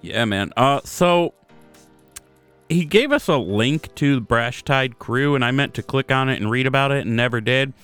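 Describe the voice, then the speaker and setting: A man's voice: mid-range voice, normal speed, fairly bright tone, smooth, soft background music. A man hosting a podcast in casual chat, reading listener submissions in a laid-back, self-deprecating way. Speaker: podcast host.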